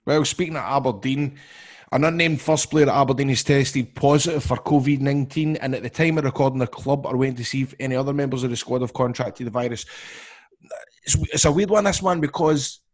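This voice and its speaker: A man's voice: medium pitch, fairly quick. A Scottish man co-hosting a football podcast, chatting casually with jokey stories and banter. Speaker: podcast co-host.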